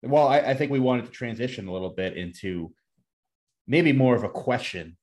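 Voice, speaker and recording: A man's voice: mid-range voice, lively intonation, normal speed, a little mellow. A young adult man co-hosting a podcast in casual chat, blunt and emphatic. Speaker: podcast co-host.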